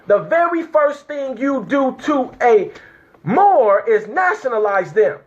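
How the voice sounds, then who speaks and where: Fired-up tearful guy, high voice, lo-fi sound. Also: big pitch swings, slow pace. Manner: emotional, cries out in exclamations. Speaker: speaker reading a legal declaration. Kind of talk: fervent spoken declaration to viewers.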